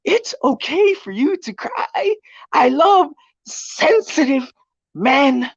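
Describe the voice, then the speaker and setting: A man doing a sugary, sweetly soothing woman in a mocking impression, pitched well above his own voice and drawn out in a slow, exaggerated sing-song. The audio is dull and dry. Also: big pitch swings, no echo, full character voice.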